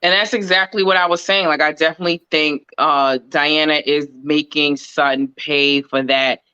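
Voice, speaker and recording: Bright-voiced woman in casual recap chat. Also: deep voice, normal speed, clean tone, no room sound, dull audio. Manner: relaxed, lots of "like" fillers. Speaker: podcast co-host.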